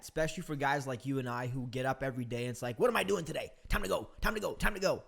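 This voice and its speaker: A man's voice: a little high, fairly bright tone. A man in his thirties hosting a podcast, talking in an upbeat, emphatic, motivational way. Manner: upbeat, emphatic, calls listener "dude" and "man". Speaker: podcast host. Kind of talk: casual motivational interview talk.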